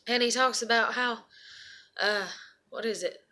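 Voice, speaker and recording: A woman's voice: fairly high pitch, fairly even intonation, a little slow, bright, forceful tone. A young woman and single mother venting in a rambling, profane personal monologue.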